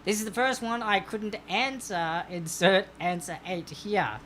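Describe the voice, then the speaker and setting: A woman's voice: mid-range voice, a little slow, fairly bright tone, a little hiss or hum. A woman hosting a live-streamed trivia quiz, chatty and playful, laughing often and reading questions to players.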